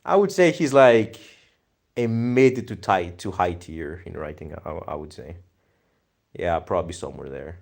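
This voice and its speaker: Laid-back Greek man, lowish voice. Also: lively intonation, unhurried, gravelly. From Greece. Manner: laid-back, slangy, thinks aloud with many fillers. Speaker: streamer. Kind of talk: casual live-stream chat reading viewer comments.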